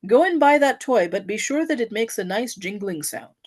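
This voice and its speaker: A woman's voice: a little high, animated, normal speed. A woman voicing a busy young mother who is fretful and coaxing.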